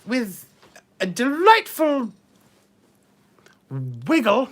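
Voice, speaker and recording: Brief: woman as a vain mature duchess, high-voiced, unhurried drawl, bawdy and grand. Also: pushed and bright. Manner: drawling, calls everyone darling, bawdy innuendo. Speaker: live-stream host in character. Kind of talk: live chat read-out in character.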